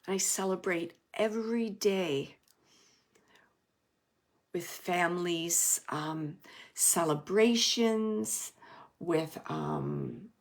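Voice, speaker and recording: A woman medium giving a live reading to an audience, relaying messages in a chatty way with many fillers and sometimes dropping to a soft hush. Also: fairly low pitch, extremely slow, creaky, long pauses. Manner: drops to a soft hush at times.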